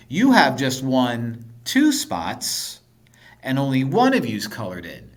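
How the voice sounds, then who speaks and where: A male math teacher talks through a video lesson with a playful, think-aloud manner. His pitch swings widely, and now and then he slips into a whisper. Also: a bit bright.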